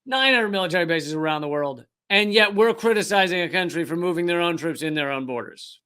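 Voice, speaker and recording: Man, high voice, bright, profane sarcastic political rant. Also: lively intonation, a little fast, clean tone. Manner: profane, sarcastic, mocking mimicry. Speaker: host. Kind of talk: ranting political commentary.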